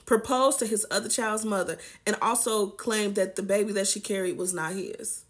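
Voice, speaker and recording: A woman's voice: medium pitch, steady tone, normal speed. Sassy woman dishing celebrity gossip. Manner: sassy, chatty, speaks straight to viewers with slang. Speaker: host of a celebrity gossip show. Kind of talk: casual commentary.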